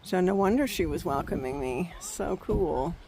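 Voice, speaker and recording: A woman's voice: fairly low pitch, expressive, moderate pace, background noise. A woman from California telling a story in a rambling, chatty vlog on an outdoor trail, laughing often as she talks. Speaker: travel vlogger.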